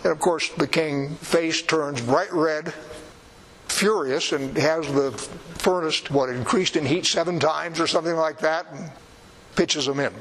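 Male preacher, fairly high voice, plain-spoken sermon with dry humor. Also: unhurried, fairly bright tone, slight background noise, poor audio. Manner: conversational, emphatic, with wry asides.

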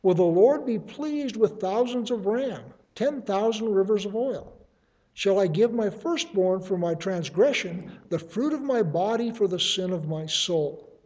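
Male Bible teacher, high and mellow voice, reads verses with stress, then explains plainly. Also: dull audio. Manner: reads scripture aloud with emphasis, then explains conversationally.

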